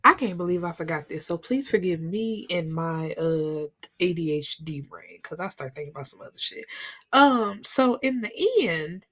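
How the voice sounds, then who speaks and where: A young woman casually recapping a book, chatty and profane, with animated storytelling. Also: fairly low pitch, normal speed. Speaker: book reviewer.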